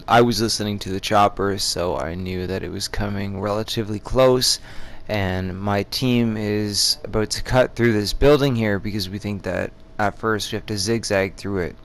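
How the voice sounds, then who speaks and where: Smooth, low-voiced gaming commentator man. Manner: casual, chatty, rambling with restarts. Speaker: gaming channel host. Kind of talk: gameplay commentary voice-over.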